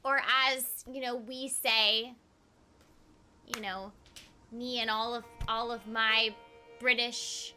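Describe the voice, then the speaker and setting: A woman's voice: fairly high pitch, little pitch movement, slow pace, pauses often, bright, forceful tone, soft background music. A woman hosting a casual game stream, talking in a bubbly, giggly, rambling way. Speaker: streamer and voice actor.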